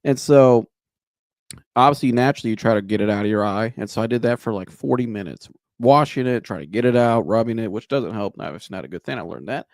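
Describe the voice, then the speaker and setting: A man's voice: lowish voice, fast talker, dry recording. Rambling man telling a story, dry mic. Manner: rambling, animated anecdote with laughs and restarts. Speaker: podcast host. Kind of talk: casual storytelling.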